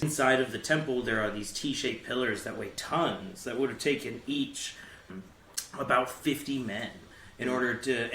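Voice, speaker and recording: A man's voice: mid-range voice, pushed and bright, echoey room, slight background noise. A man co-hosting a podcast, explaining things casually and loosely with lots of fillers. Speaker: podcast co-host.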